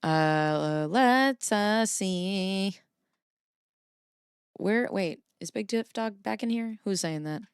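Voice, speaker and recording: A middle-aged woman streamer with a smooth, very clear voice on the lower side. She chats playfully, laughs often and answers her viewers between reading court papers. The sound is close and dry, with no room around it. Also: a little slow, few pauses, dry recording. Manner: chatty and playful, laughs often, talks back to chat. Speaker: livestream host. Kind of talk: casual livestream chat, reading court filings aloud.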